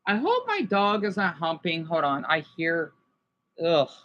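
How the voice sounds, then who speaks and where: A man on a casual livestream, talking to his chat in a halting, rambling, sympathetic way with many restarts. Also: on the high side, wildly swooping pitch, a bit bright, dull audio. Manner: sympathetic and emotional.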